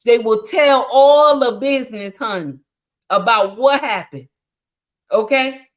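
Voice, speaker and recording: A woman hosts a relationship-advice livestream in a fairly high voice. She preaches in an animated, lively way, calls her listeners honey, and answers chat comments as they come in. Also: a little slow. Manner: reacts to chat comments while talking.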